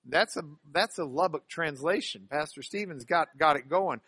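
A man teaching a class on biblical Greek grammar, animated and stressing key words by repeating them. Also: a little high, normal speed, breathy edge, dry recording. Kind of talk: classroom lecture.

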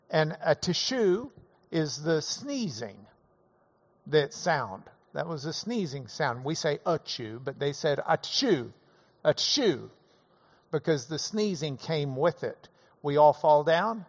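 A man's voice: on the high side, gravelly. A man hosting a casual monologue, telling stories in a folksy, chuckling way. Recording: long hall reverb.

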